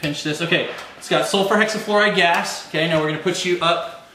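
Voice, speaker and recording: A man's voice: on the high side, brisk, pushed and bright, slight background noise. A man chattily coaxing his kids through a home experiment in a kitchen, laughing between instructions. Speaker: parent running a home experiment. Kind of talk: home video, coaching kids. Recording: echoey kitchen.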